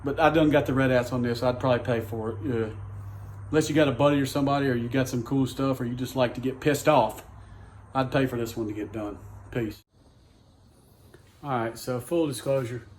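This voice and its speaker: A man's voice: mid-range voice, darkish tone, a little hiss or hum. A man with a Southern US accent talking casually and profanely as he vlogs a truck repair in his home garage, rambling and exasperated. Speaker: DIY truck vlogger. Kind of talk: casual workshop vlog rant.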